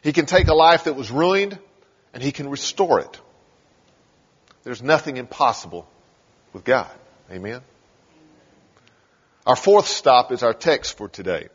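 A man's voice: medium pitch, animated, measured pace, long pauses, slightly rough. A man preaching a sermon, telling scripture stories and acting out the lines. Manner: storytelling, acting out scripture scenes. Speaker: pastor. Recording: dull sound in a large reverberant hall.

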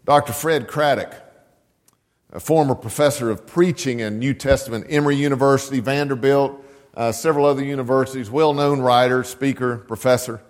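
Emphatic preacher in an echoing hall. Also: male voice, medium pitch, fairly even intonation. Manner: slow, emphatic, repeats key lines. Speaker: pastor. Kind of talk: sermon storytelling.

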